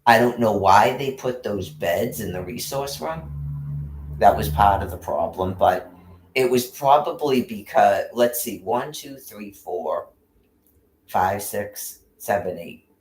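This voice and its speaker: A man's voice: lowish voice, animated, slow pace, a little hiss or hum. A man ranting angrily and rambling, full of profanity and restarts. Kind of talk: casual rant. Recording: roomy echo.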